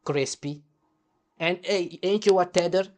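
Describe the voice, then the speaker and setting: A man's voice: sits high, a little slow. A man hosting a heated, combative commentary rant, swearing throughout. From Caribbean. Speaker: host.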